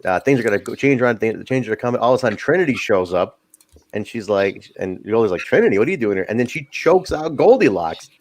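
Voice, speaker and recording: A man hosting a wrestling review podcast in casual chat, animated and swearing freely. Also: lowish voice, fast talker. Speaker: podcast host.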